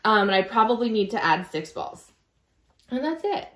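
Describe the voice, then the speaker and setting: Relaxed woman co-host in an echoey room. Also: a little high, normal speed. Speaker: podcast co-host. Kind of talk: casual chat about knitting.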